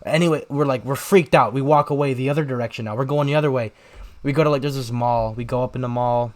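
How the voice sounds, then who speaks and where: A young man co-hosting a podcast, telling a rambling story in casual chat and shouting out the lines he quotes. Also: medium pitch, quick pace. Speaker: podcast co-host.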